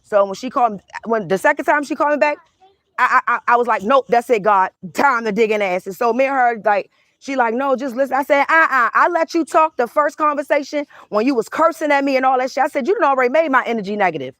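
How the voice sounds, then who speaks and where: A woman's voice: sits high, fast, fairly bright tone, dry recording. Heated, profane woman telling a story. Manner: heated, profane, acts out both sides of the argument. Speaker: tarot reader. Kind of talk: casual storytime rant.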